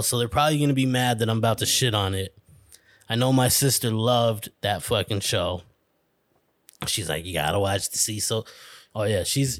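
A man's voice: medium pitch, fairly bright tone, no room sound, clean studio sound. A man hosting a casual podcast, rambling and swearing bluntly as he talks through documentaries. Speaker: podcast host.

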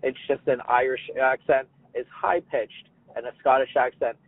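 A man's voice: medium pitch, fairly even intonation, moderate pace, dry recording. A male podcast host in casual chat, jokey and full of restarts, who likes trying out silly voices. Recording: dry tinny phone-like line.

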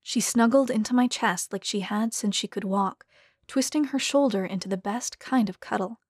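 A woman narrating a story in a measured, even way. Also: medium pitch, husky, dry recording, clean studio sound. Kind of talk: scripted narration.

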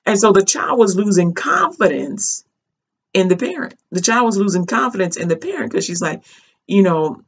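A woman talks straight to her viewers in a loose, rambling way, stopping to restart her sentences. Her voice sits at an ordinary middle pitch. She sounds colloquial and earnest, with plenty of ums and uhs. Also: sing-song, normal speed, husky. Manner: chatty, rambling, many fillers and restarts. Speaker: vlogger. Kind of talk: casual storytelling commentary.

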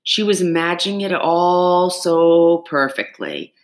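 A woman narrates a storybook in a low voice, unhurried and very expressive, her pitch rising and falling widely. The reading is dramatic and carefully paced. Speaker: audiobook narrator.

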